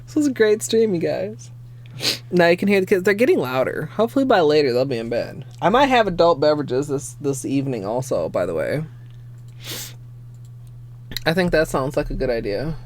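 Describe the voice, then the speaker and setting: A young adult woman streamer chatting casually at home, excitable and given to swearing, teary-eyed and sniffling. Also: low-pitched, brisk. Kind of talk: casual livestream chat.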